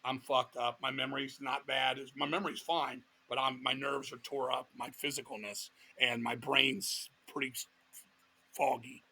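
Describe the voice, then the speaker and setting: A middle-aged man from Virginia, telling a long personal story in an interview with a blunt, profane, animated manner. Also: medium pitch, moderate pace, gravelly, breathy edge. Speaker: guest musician.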